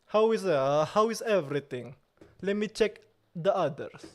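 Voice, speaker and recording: A man's voice: high-pitched, animated. A young man from Italy hosting a live stream, chatting casually with viewers in a playful mock-outraged way. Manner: playful mock outrage, slow drawn-out delivery. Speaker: livestream host.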